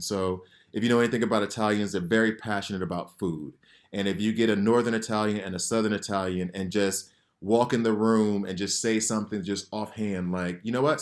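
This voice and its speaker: A man with a fairly low voice gives a heartfelt personal vlog message to his gaming channel's viewers. He rambles earnestly, restarting his sentences and leaning on fillers, and he sounds emotional. He speaks from home. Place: home, sirens heard outside.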